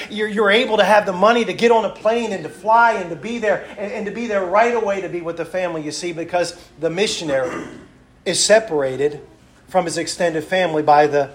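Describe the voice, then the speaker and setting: A middle-aged man, a missionary preacher, delivering a sermon in emphatic rhythmic lists that swing from loud to hushed. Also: sits high, echoey room.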